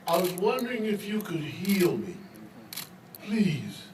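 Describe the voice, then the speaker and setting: A man's voice: high voice, very animated, slow, pitched below the performer's own voice, full character voice. A man voicing an eager, pleading joke character. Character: pleading man with high blood pressure in a joke. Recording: echoey hall, distant mic, crowd noise.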